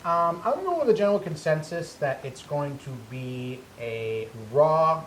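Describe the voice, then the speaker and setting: A man's voice: on the high side, lively intonation, unhurried, a bit bright. A man co-hosting a casual wrestling podcast, talking animatedly with many stammered restarts. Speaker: podcast co-host. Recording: echoey room with faint hum.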